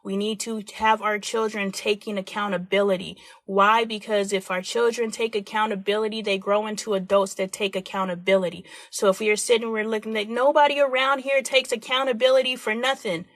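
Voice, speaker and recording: A forties-aged woman hosts a candid live stream, animated and acting out quotes. She speaks briskly with few pauses in a flat, medium-pitched, slightly bright voice, and the recording has no room sound.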